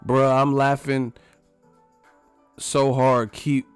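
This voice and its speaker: A man's voice: medium pitch, flat delivery, very slow, clean tone, no room sound, soft background music. A man hosting a casual live stream, profane and laughing often as he reacts to the chat.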